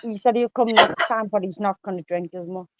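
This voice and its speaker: A woman's voice: mid-range voice, fairly quick, highs cut off, heavy background noise. A woman telling rambling, laughing anecdotes in a casual chat, swearing a lot. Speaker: guest on a live chat stream.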